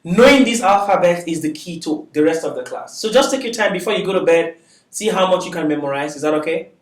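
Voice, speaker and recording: A man's voice: high voice, expressive, quick pace. A male language teacher giving a patient classroom lecture, checking often that the students follow. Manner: patient, often asks "is that okay?". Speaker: Arabic teacher. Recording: echoey classroom, voice from far off.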